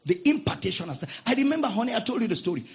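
A male pastor preaching a sermon, telling stories dramatically and swinging from shouts to hushed tones. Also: very high-pitched, sing-song, rapid-fire. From Nigeria. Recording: dull lo-fi sermon recording.

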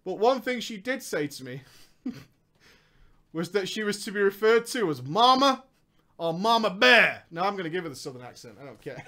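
Brief: young male storyteller, high bright voice, sarcastic comic delivery. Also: big pitch swings, normal speed, pauses often. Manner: sarcastic, jokey, laughs often. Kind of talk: comedic gaming storytime.

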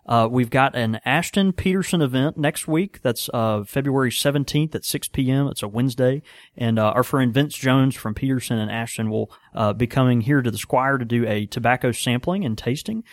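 A man's voice: mid-range voice, normal speed, no echo, clean studio sound. A man, co-hosting a casual podcast chat and laughing easily between thoughts. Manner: laughs often, animated impressions. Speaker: podcast co-host and pipe shop keeper.

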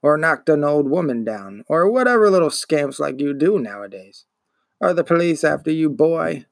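A man voicing a gruff, grumbling old male bookseller who smokes a pipe and dislikes children, speaking in a slow, disdainful growl. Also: fairly high pitch, sing-song, no echo, studio quality. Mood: interrogating.

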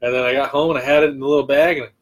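A man's voice: medium pitch, fairly even intonation, very fast. A man co-hosting a casual beer-tasting chat, a laid-back storyteller who swears often. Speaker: podcast co-host.

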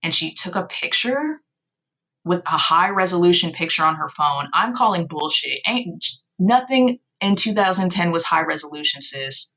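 A woman's voice: fairly low pitch, lively intonation, moderate pace, bright, forceful tone, low-quality recording. A young woman casually recapping an old story of hers, sarcastic and self-mocking, swearing freely. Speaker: podcast host.

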